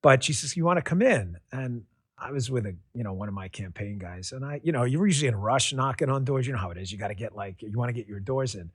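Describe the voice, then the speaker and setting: A man hosting a podcast interview, telling stories in a relaxed, rambling way with lots of fillers and restarts. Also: mid-range voice, quick pace, husky, no room sound, clean studio sound. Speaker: podcast host. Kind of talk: conversational interview storytelling.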